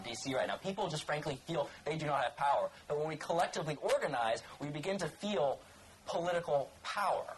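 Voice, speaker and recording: A man's voice: fairly high pitch, slight background noise, poor audio. A young man, an organizer and co-author, speaking earnestly at a public talk, often restarting and saying "frankly". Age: young adult. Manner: earnest, repeats frankly and you know, stumbles.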